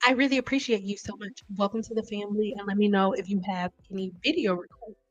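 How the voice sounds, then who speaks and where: A young woman hosting a hair care live stream, chatting with viewers in a loud, playful way. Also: medium pitch, fairly even intonation, fast talker, lo-fi sound, soft background music. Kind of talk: casual live-stream chat.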